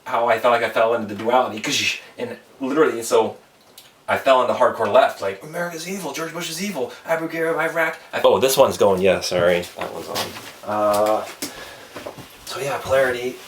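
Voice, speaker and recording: A man's voice: lowish voice, fairly quick, roomy sound, distant mic. A man hosting a casual podcast chat, rambling through stories and laughing often. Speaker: podcast host.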